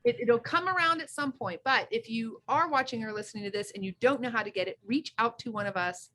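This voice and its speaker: A woman's voice: fairly high pitch, fairly quick, sharp tone, a little hiss or hum. A woman co-hosting a casual chat, effusive and enthusiastic, often restarting her sentences. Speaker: co-host.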